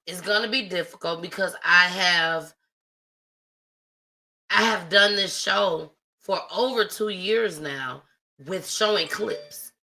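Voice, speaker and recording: Here a woman with a fairly low, pushed and bright voice runs a live stream, chatting casually and sincerely to her viewers. The audio is poor.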